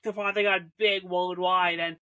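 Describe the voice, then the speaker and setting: A woman's voice: fairly low pitch, little pitch movement, normal speed, pushed and bright, clean tone. A young woman reviewing an old teen show, chatty and rambling, restarting sentences and cracking jokes. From Canada. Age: young adult. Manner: chatty, self-interrupting, heavy on "like", jokey asides.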